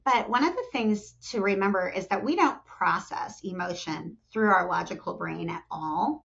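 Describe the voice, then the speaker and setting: A woman's voice: moderate pace, creaky. A middle-aged woman speaking as a podcast guest, telling stories animatedly and acting out quotes, with frequent restarts and "you know.". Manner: animated storyteller, acts out quotes with jumps in pitch. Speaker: talent development executive, podcast guest. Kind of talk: conversational interview. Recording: dull lo-fi podcast audio.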